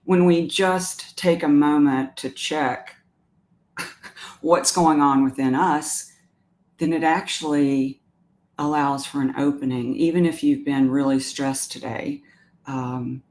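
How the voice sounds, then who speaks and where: A woman's voice: deep voice, fairly even intonation, slow pace, a little mellow. A woman with a Southern US accent hosts a live stream in a chatty, meandering way, reading viewer comments aloud and talking them through. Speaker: animal communicator hosting a live stream. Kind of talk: casual live-stream talk.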